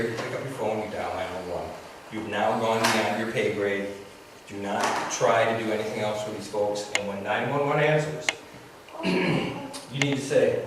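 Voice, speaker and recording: A middle-aged man, a therapist, giving an earnest church seminar talk and acting out quoted voices in a raised pitch. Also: normal speed. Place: large echoing church hall. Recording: echoey room, distant mic, noisy.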